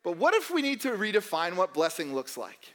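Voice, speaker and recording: A young man preaching a sermon in a church hall, joking and animated, putting on mock voices of doubters. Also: high voice, brisk. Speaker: pastor.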